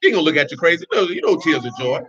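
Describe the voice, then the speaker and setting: A man's voice: on the high side, animated, very fast, crowd noise. A man giving informal, blunt religious teaching in streetwise slang, with laughing asides. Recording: dull lo-fi recording.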